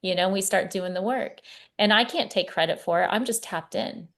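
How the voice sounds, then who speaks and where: A middle-aged woman, a spiritual coach, chatting casually as a podcast guest and telling animated stories with many restarts. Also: medium pitch, moderate pace. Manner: animated storyteller, repeats and restarts words. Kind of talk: casual conversation.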